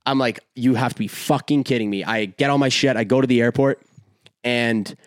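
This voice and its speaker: Brief: young male podcast host, animated profane storyteller, dry close mic, mid-pitched. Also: a little fast, dry recording. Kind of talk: casual storytelling chat.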